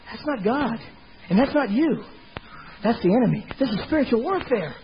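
High-voiced man telling his testimony. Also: expressive, fast talker, highs cut off, a little hiss or hum. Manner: folksy storytelling, acting out the voices of others. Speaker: former door-to-door salesman giving testimony. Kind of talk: personal testimony told to a congregation.

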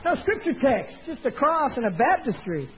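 A man's voice: very high voice, big pitch swings, normal speed, dull audio, some chatter behind, a little hiss or hum. A middle-aged man telling his personal testimony in a folksy storytelling way, acting out what other people said. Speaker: former door-to-door salesman giving testimony. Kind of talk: personal testimony told to a congregation.

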